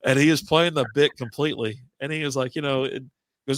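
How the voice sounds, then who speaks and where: A man's voice: medium pitch, steady tone, quick pace, a bit bright, dry recording. A man co-hosting a casual podcast chat, telling rambling stories with frequent laughs and swearing. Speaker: podcast co-host. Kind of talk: casual beer-drinking chat.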